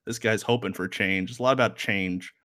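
A man with a fairly low voice talks through songs in a relaxed, rambling way. He leans on fillers and throws in wry asides, like a co-host in a casual music chat. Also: fairly quick.

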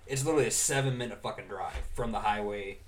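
A man's voice: lowish voice, fast, recorded from a distance, a little hiss or hum. A half-drunk man chatting casually as a podcast co-host, swearing and laughing as he cuts in. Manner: profane, laughing, interjecting. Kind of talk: casual chat.

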